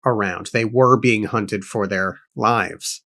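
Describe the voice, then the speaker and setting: A man's voice: fairly low pitch, slow, vocal fry, fairly bright tone. A man co-hosting a book-club podcast, reading aloud and musing in a thoughtful, self-correcting way. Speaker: podcast co-host.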